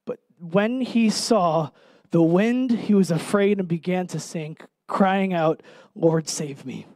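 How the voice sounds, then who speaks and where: A man preaching a sermon in an earnest, emphatic way, pausing and putting direct questions to his listeners. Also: sits high, a little mellow, no room sound.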